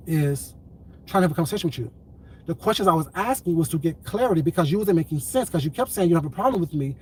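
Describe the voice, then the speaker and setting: A man streaming on YouTube, speaking in a calm, controlled, deliberate way and repeating his points for emphasis. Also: sits high, slight background noise, low-quality recording. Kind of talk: heated livestream commentary.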